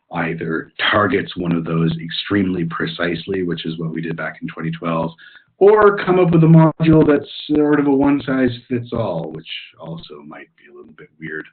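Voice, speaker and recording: A man's voice: deep voice, animated, moderate pace. A man answering audience questions in a webinar, explaining in an informal, thinking-aloud way with frequent ums and uhs. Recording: tinny phone-like webinar audio.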